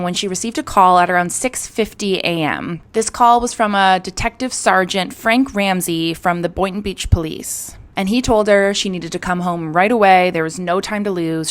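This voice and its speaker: A young woman hosting a true crime show. She retells the case in a casual, chatty way, full of "like" and "you know.". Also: on the low side.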